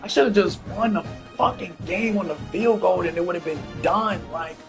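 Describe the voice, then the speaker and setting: A man streaming a football video game, talking casually and profanely to his chat, swinging between loud outbursts and low muttering. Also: moderate pace, creaky. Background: game music.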